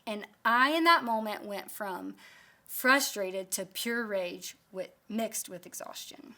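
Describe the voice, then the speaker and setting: Woman, thirties, Bible study teacher, candid self-deprecating storytelling, bright tone. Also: medium pitch, takes it slowly.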